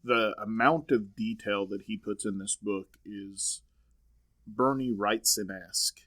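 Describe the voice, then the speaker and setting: Lower-voiced man giving emphatic picks. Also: a little slow, fairly bright tone. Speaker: podcast co-host. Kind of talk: casual comics chat.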